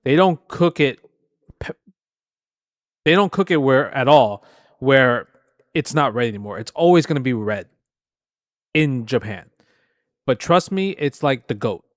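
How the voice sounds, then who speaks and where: A man's voice: mid-range voice, expressive, measured pace, long pauses, dry recording. Chatty man with a dry close sound. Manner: loose, chatty, with fillers and restarts. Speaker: streamer reacting to a video. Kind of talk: casual reaction chat.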